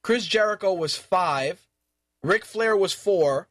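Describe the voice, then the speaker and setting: A man's voice: high-pitched, slow pace, fairly bright tone, dry recording, studio quality. A man hosting a wrestling news podcast, ranting bluntly and profanely, repeating his points for emphasis. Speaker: podcast host.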